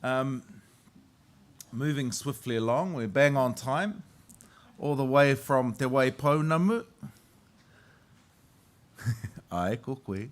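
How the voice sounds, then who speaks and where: A man acting as master of ceremonies, introducing speakers in a relaxed, light-hearted way. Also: mid-range voice, takes it slowly, long pauses. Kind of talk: ceremony announcing.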